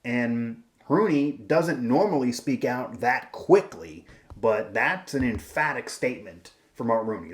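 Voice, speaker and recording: A man hosts a sports commentary show, talking emphatically and circling back on his points. His voice sits at a middle pitch. The room around him is noticeably echoey. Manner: emphatic, rambling, frequent restarts.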